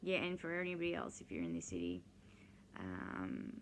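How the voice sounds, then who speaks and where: A woman's voice: a bass voice, big pitch swings, moderate pace. A woman, talking casually in a rambling, digressive way full of ums and side stories for her vlog. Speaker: vlogger. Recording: noisy background hiss.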